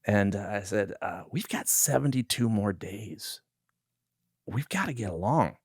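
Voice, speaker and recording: A man's voice: fairly low pitch, measured pace, husky, dry recording, studio quality. A man in his sixties, a film director guest, telling stories in an interview and acting out the lines people said. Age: 60s. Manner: animated storyteller who acts out quoted lines. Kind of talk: interview storytelling.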